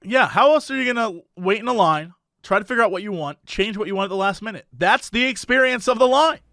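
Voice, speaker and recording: A man's voice: high voice, animated, fast, bright, forceful tone, no room sound, studio quality. A man co-hosting a podcast, chatting casually and ranting animatedly about pet peeves. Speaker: podcast co-host. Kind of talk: casual chat.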